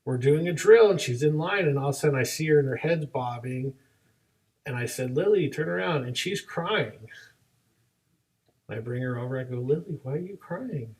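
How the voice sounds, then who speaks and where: A man's voice: mid-range voice, moderate pace, recorded from a distance, low-quality recording. A young man, a martial arts instructor co-hosting a podcast, telling classroom stories and acting out both sides of each exchange. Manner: animated storyteller, acts out both sides of dialogues. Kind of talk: casual chat.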